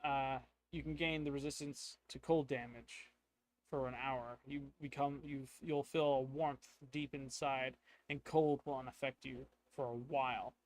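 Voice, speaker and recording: A man's voice: mid-range voice, steady tone, unhurried, natural voice. A man voicing a very old, hunched woman who sells potions, with a shaky attempt at an old-lady accent. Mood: knowing.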